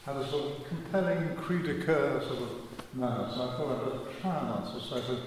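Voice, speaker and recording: A man's voice: medium pitch, a little fast, noisy background. An older man telling a wry, self-mocking story as a speaker in a church. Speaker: speaker giving a testimony talk. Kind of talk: storytelling talk. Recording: echoey church hall.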